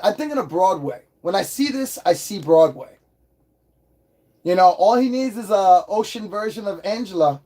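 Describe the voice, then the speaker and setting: A man hosting a casual livestream toy review, hyper and excitable, swearing freely as he talks. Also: high voice, moderate pace.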